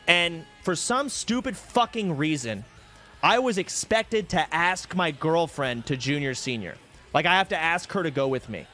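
A young man with a raised, very animated voice talks to his live audience in a profane, sarcastic way. He speaks casually into a desk microphone from his home streaming setup, with faint music playing underneath. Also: a little high.

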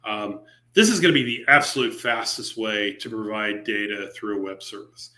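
A man with a bright, somewhat low voice presents a software library as the featured speaker at a remote meetup, streamed live over a video call. He talks at a moderate pace in a conversational way, with lots of fillers and restarts plus mildly sarcastic asides.

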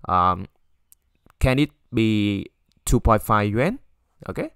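A man teaching a language lesson, stopping often to say "okay" and repeating example phrases in a louder voice. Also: on the low side, expressive, slow pace, clean tone, no echo, clean studio sound. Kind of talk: explaining a textbook lesson.

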